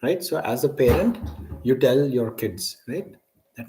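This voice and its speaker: A man's voice: a little high, animated, normal speed, mellow, soft background music, rough recording. A man teaching a scripture class, asking students questions and often checking in with "right?".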